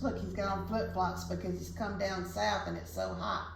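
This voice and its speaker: Gravelly woman reading aloud. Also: lowish voice, very animated, moderate pace. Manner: gentle, chatty asides to children. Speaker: children's story reader. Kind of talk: reading a picture book aloud to children. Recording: echoey room, faint hiss.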